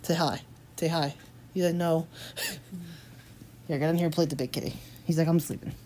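In a deep, warm voice with fairly even intonation, a woman talks briskly through a casual family vlog about her day; there's a little hiss or hum. She's chatty and playful, putting on silly voices for her pets.

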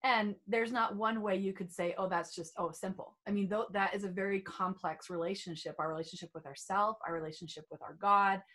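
A woman's voice: mid-range voice, fairly even intonation, a little fast, hardly any pauses, a bit bright. A middle-aged woman guesting on a podcast as a beauty trainer, talking in a bubbly, playful, self-assured way. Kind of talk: casual podcast chat.

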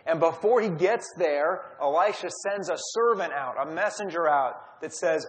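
A man's voice: a little high, moderate pace, hardly any pauses, a bit bright. Storytelling man teaching in a hall. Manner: storytelling, acts out quotes. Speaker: Bible study teacher. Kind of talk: conversational Bible teaching. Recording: long hall reverb.

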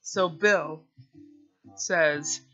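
Rambling male vlogger with a bright, sharp voice and a slow, unhurried delivery, on a dull lo-fi recording. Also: on the high side. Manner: hesitant, rambling, self-deprecating, with many fillers and restarts. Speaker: video creator summarizing a book. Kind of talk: casual rambling summary.

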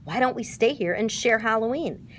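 A gentle, simple-hearted teddy bear, as a woman reads him for a storybook. He speaks softly and earnestly, a touch higher than plain speech. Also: lively intonation, moderate pace, slight background noise, natural voice.

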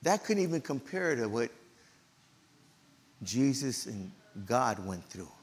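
A middle-aged man preaching in a church, telling a personal story with emotional, animated delivery and loud outbursts. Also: medium pitch, slow pace, big-room sound. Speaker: pastor. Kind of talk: storytelling sermon.

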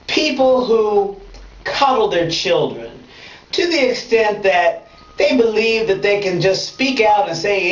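A woman delivers a comedic monologue from a bathtub, her pitch jumping around as she swings from playful to mock outrage. The sound is roomy and bounces off bathroom walls. She sits back from a dull, lo-fi mic. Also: far from the mic. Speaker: comedic web show host.

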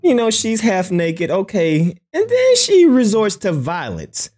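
A man in talks through a clip in a loose, joking reaction-video style. His pitch swings widely and he breaks into loud yelps and laughter. Faint music sits behind him. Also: huge pitch swings, measured pace. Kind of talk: casual reaction commentary.

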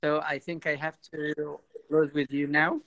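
Gravelly-voiced priest, halting delivery. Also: male voice, fairly high pitch, level tone, fairly bright tone, dry recording, lo-fi sound. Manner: halting, repeats words, tells anecdotes. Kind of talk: informal talk to a youth audience.

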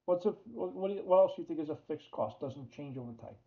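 A man's voice: fairly high pitch, lively intonation, fast. New York man lecturing on accounting. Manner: chatty, asks the class questions, repeats key terms. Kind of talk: classroom lecture. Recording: dull lo-fi lecture audio.

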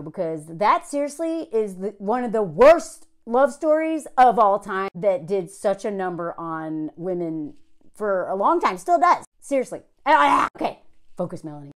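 A woman talking through a film review in a blunt, sarcastic, casual way, laughing often. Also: mid-range voice. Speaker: movie reviewer. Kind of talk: casual commentary vlog.

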